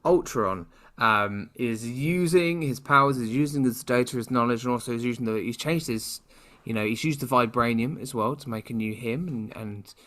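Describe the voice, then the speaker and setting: A man's voice: mid-range voice, moderate pace, fairly bright tone. Chatty British podcast co-host, man. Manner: chatty, rambling, playfully sarcastic. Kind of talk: casual chat.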